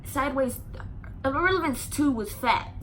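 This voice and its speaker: A woman with a high, bright voice tells a casual storytime for her vlog. She talks emphatically, swears freely and leans on "like" as she piles on the details. Her delivery is animated and sharp. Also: moderate pace, slight background noise. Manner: animated, emphatic and profane, lots of "like" fillers. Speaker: vlogger telling a story.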